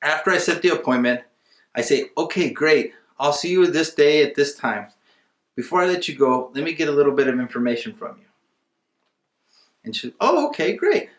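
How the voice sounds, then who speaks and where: In an echoey room, this man teaches real estate investing in a relaxed webinar at a moderate pace, leaving long pauses. His pitch sits on the high side. He talks emphatically and conversationally, playing out snippets of his conversations with sellers.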